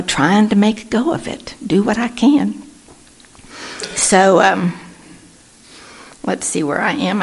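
A woman's voice: lowish voice, gravelly, slightly rough. A woman, speaking at a recovery meeting and telling her personal story in an earnest way, acting out the voices of people she quotes. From Texas. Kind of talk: personal testimony talk.

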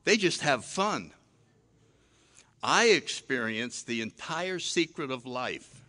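Older guy, bright forceful voice, telling his drinking story, acts out what he said back then, pokes fun at himself. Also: mid-range voice, slow pace, slight background noise. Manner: animated, self-mocking, acts out his own past lines. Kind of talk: personal storytelling talk.

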